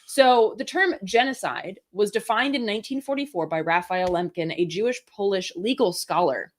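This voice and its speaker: A woman's voice: medium pitch, normal speed. A woman co-hosting a live political show, chatting casually and explaining things wryly. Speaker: co-host.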